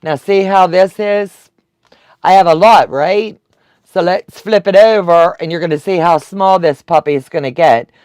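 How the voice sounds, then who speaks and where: A woman's voice: lowish voice, unhurried, darkish tone, no room sound. Lady teaching quilting on a live stream, chatty and laughing a lot, takes her time. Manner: chatty, laughs often, talks to viewers. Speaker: quilting instructor. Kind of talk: casual live-stream tutorial.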